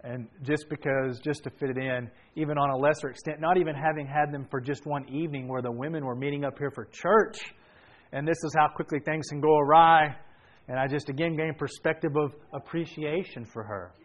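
A man preaching a sermon, telling a family story with animated energy and sudden bursts of shouting. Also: on the high side. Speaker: pastor. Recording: dull lo-fi sound.

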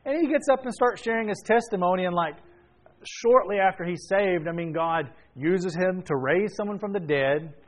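A man's voice: high-pitched, moderate pace. Man preaching a chatty storytelling sermon. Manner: casual and chatty, with frequent restarts. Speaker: pastor.

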